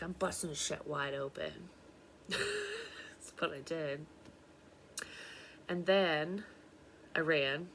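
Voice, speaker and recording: Low-pitched lady swearing her way through a dream story, faint hiss behind. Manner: profane, blunt, animated retelling with frequent laughs. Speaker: psychic medium recounting a dream. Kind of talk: casual storytelling monologue.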